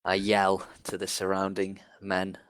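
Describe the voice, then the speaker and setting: Man, very deep voice, deliberate, tabletop player describing actions. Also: completely flat delivery, a bit bright, clean tone, no echo. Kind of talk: narrating his character's actions in a tabletop game.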